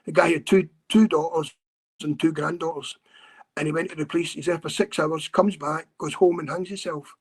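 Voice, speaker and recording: A man from Scotland, a guest on a podcast interview, telling his story earnestly with many halting repeats and restarts. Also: a little high, fairly even intonation, husky.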